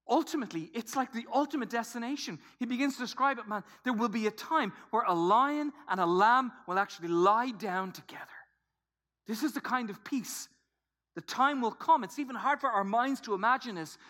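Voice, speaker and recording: A man preaching a sermon to a congregation, swinging from hushed whispers to loud emphatic bursts. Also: very high voice, lively intonation, normal speed. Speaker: pastor.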